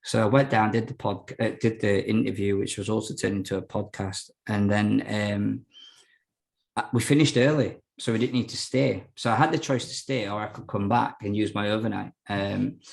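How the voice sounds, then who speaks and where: A young man talks frankly about his past as a podcast guest. His voice sits low with a gravelly fry, and his casual telling rambles through fillers and restarts. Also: fairly even intonation, moderate pace. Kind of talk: casual storytelling interview.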